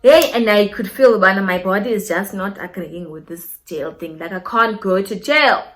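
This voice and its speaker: A young woman with a South African accent telling a personal story to her viewers in a casual, animated way. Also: mid-range voice, normal speed. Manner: animated, code-switching, talks straight to viewers. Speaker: vlogger.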